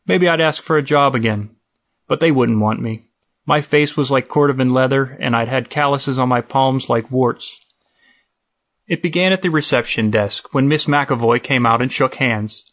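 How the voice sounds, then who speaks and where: A man's voice: mid-range voice, normal speed, fairly bright tone. A man narrating a wry first-person story in a dry, storytelling manner. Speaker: audiobook narrator. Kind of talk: scripted narration.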